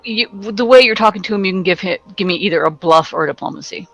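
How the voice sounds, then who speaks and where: Woman running a tabletop game, casual and halting, dry close mic, faint music. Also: mid-range voice, creaky, fairly bright tone, dry recording, dull audio. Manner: casual, halting narration with fillers. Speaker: game master.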